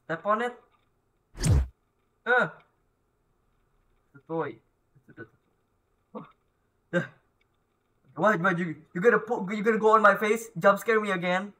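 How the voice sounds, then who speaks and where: A young man talks his way through a horror game, reading text aloud and yelping whenever something startles him. His voice sits high for a man, with a bright, sharp edge. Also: normal speed, pauses often, slight background noise, rough recording. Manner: jumpy, yelps and shouts at scares. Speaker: gameplay commentator.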